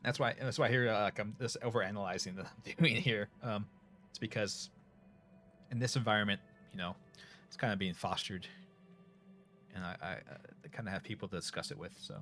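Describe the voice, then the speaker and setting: A man's voice: lowish voice, a little fast, fairly bright tone. A middle-aged man with a Northern US accent chatting casually to viewers, rambling with many fillers and restarts. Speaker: streamer. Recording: faint music behind.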